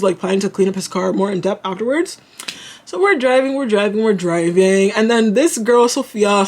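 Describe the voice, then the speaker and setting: Husky young woman, casual storytime. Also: medium pitch. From Canada. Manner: animated, slangy, filler-heavy storytelling with frequent laughs. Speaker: vlogger.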